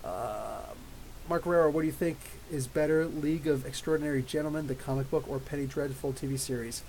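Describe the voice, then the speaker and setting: A man in his thirties hosting a live podcast, reading viewer questions and telling rambling, animated stories. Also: a little high, brisk, rough recording. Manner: rambling, animated storytelling with laughs. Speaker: podcast host. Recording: faint hiss.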